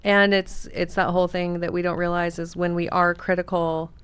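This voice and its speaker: A woman podcast host and coach in a casual conversation, speaking in a reflective, measured and affirming way. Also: on the low side, little pitch movement, smooth.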